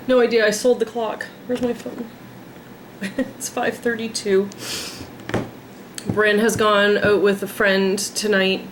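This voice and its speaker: A woman in her thirties talking in a casual personal vlog, emotional and drained, rambling with sighs and halting starts. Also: medium pitch, a little hiss or hum. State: tearful, drained. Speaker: pet vlogger.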